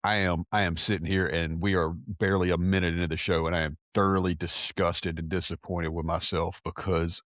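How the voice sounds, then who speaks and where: A middle-aged man tells self-mocking stories in a casual podcast chat, often stammering as he restarts. His voice sits fairly low, recorded close and dry. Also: flat delivery, fairly quick, hardly any pauses, a bit bright, no echo. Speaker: podcast co-host.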